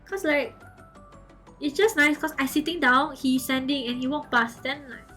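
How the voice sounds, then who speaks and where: A young woman, casually telling a story to her chat, animated and giggly, full of okay and like. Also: sits high, moderate pace, faint music behind. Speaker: streamer.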